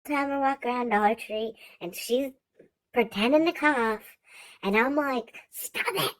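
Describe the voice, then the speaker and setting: A young woman vlogger telling a funny story, exasperated and swearing freely in rapid rants. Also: on the high side, low-quality recording. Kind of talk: comic storytelling.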